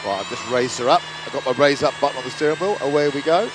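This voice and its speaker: A man's voice: medium pitch, fast. Wry man over traffic noise. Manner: wry, chatty, self-mocking asides. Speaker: car reviewer host. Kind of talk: casual running commentary while driving. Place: inside a car and on a town street. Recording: loud car and traffic noise behind.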